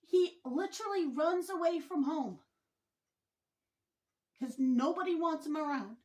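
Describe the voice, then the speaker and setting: Woman, vlogger, opinion commentary, emphatic, indignant, high voice. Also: lively intonation, unhurried, darkish tone.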